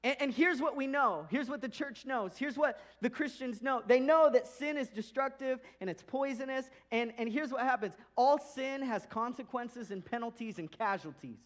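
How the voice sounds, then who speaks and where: A young male pastor with a very high-pitched voice preaching a sermon. He keeps it casual and animated, slipping into little acted-out voices for the people in his story. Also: normal speed, few pauses.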